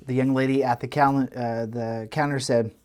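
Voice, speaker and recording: A man, co-hosting a podcast and telling a long story in a casual, animated way with lots of restarts. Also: medium pitch, normal speed, clean tone. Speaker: podcast co-host. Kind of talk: casual chat.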